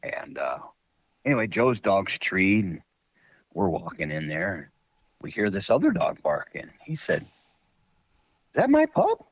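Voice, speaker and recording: A man's voice: deep voice, very animated, measured pace, gravelly, breathy edge, no echo, rough recording. A man guest on a podcast, telling hunting-dog stories in a rambling, folksy way with lots of fillers. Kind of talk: casual storytelling.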